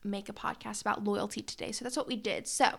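A woman's voice: mid-range voice, steady tone, quick pace, gravelly, husky. A woman co-hosting a casual podcast, chatty and giggly, talking straight to her listeners. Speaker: podcast co-host. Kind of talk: casual chat.

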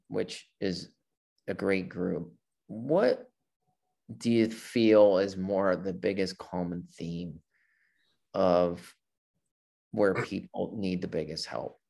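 A man with a low voice hosts an interview. His questions come out eager and rambling, and he often circles back before he finishes them. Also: slow, creaky, darkish tone. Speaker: interview host. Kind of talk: casual interview.

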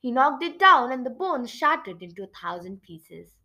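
A woman's voice: high voice, very animated, moderate pace, few pauses, bright, forceful tone, low-quality recording. A woman reading a children's chapter book aloud with dramatic expression. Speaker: storybook reader. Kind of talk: expressive children's story narration.

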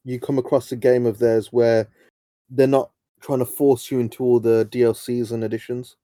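A man's voice: medium pitch, flat delivery, moderate pace, warm tone, dry recording. A young man co-hosting a casual podcast chat, blunt and swearing freely. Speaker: podcast co-host.

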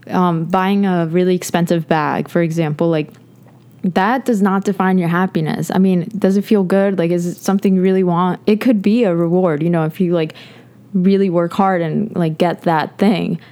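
A young podcast host muses on her personal views, earnest and meandering, leaning heavily on "like" and restarting her sentences, sometimes nearly crying. Her lowish, mellow voice moves at a moderate pace with fairly even intonation.

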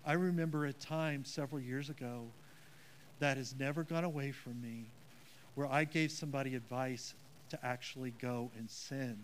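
A man's voice: mid-range voice, fairly even intonation, normal speed, a little hiss or hum. A man preaching a sermon as pastor, earnest and emphatic, with a self-deprecating touch.

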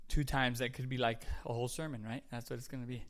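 Bright-voiced chatty male preacher. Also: mid-range voice, fairly even intonation, quick pace. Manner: chatty, jokey, self-correcting, laughs at himself. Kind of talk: casual podcast sermon.

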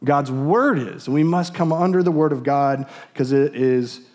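A man's voice: on the high side, moderate pace, a little mellow. A middle-aged man preaching a sermon as pastor, earnest and repetitive, often restarting his words. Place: church sanctuary.

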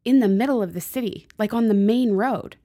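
A woman in casual conversation who tells stories with energy and laughs a lot. Her voice sits at an average pitch. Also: a little fast. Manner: lively storytelling, laughs easily. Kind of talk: casual chat.

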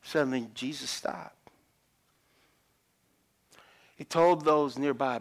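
A middle-aged pastor delivers an animated sermon. His voice sits high, and his pitch swings widely as he acts out the people in the story. He talks to the congregation in a loose, conversational way. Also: moderate pace.

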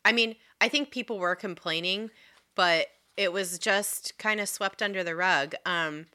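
A woman's voice: medium pitch, unhurried, bright, forceful tone. A woman co-hosting a casual true-crime podcast, recounting facts and swearing freely. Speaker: podcast co-host.

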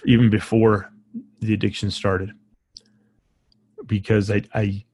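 A low-voiced man hosting a podcast speaks from the heart, haltingly and with feeling. His voice stays fairly flat, and the sound is dry and close. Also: husky, no room sound. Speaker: podcast host. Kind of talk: casual conversation.

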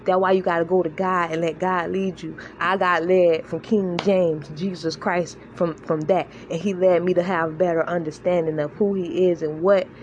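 A woman's voice: lowish voice, fairly even intonation, moderate pace, few pauses. Woman giving informal faith talk, earnest, keeps asking u get it, faint hiss behind her. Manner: earnest, conversational, repeats herself, checks in with listeners. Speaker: online faith encourager. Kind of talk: informal religious teaching monologue.

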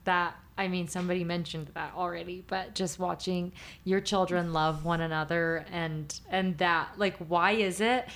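A woman's voice: fairly low pitch, steady tone, moderate pace, fairly bright tone. A young adult woman co-hosting a casual podcast chat, bubbly and chatty, laughing easily. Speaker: podcast co-host.

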